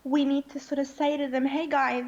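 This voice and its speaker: Earnest woman, high voice. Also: level tone, a little fast, dark tone, dull audio. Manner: earnest, keeps asking "okay?". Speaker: interview guest. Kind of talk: impassioned interview talk.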